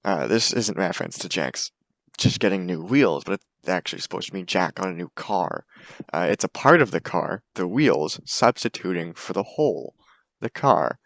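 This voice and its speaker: A man's voice: low voice, lively intonation, moderate pace, vocal fry, no echo. A young man giving a casual, hesitant class presentation full of fillers. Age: young adult. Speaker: student presenter.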